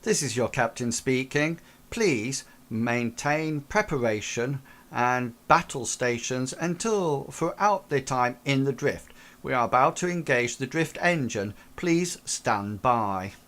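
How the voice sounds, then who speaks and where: A stern, formal starship captain barking clipped orders to his bridge crew, as a man puts him on. The voice sits at a middling pitch. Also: lively intonation, slow pace, fairly bright tone.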